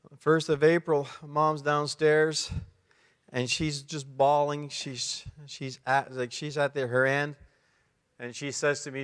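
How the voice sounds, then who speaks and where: Middle-aged Canadian man, smooth resonant voice, heartfelt testimony, long reverb of a conference hall. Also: fairly high pitch, flat delivery. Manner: emotional storytelling, pauses and restarts. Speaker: conference speaker. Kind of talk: personal testimony talk.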